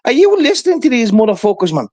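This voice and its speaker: A man's voice: very high voice, huge pitch swings, fast talker, darkish tone. A man telling a rambling, profane story in casual livestream chat, peppering it with "right?".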